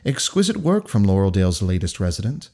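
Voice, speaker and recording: A man reading the part of a calm, menacing male kidnapper who speaks with cold, formal politeness. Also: fairly low pitch. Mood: cold polite. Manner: measured, courteous, coldly formal.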